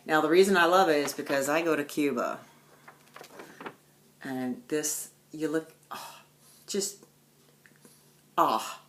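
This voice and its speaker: A woman with a notably low voice chats at home about her stitching projects. She tells her stories with animated swings, jumping from loud bursts to hushed, near-whispered asides. The talk is casual and chatty. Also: slow pace, pauses often, slight background noise. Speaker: stitching vlogger. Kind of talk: casual chat.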